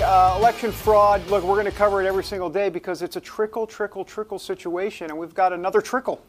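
A man's voice: sits high, fairly even intonation, quick pace, soft background music. Playful rambling talk show host man. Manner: playful, rambling, self-mocking. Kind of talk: jokey live talk show hosting.

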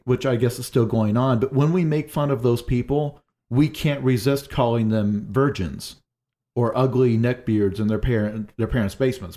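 In a casual panel, a man with a mid-range, dark-toned voice thinks aloud as he works through ideas, loosely and with plenty of fillers, "like" chief among them.

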